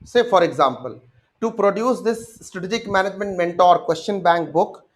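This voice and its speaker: Indian english man, young, high voice, exam-prep lecture, talks straight to students. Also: moderate pace. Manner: addresses students directly, acts out their answers.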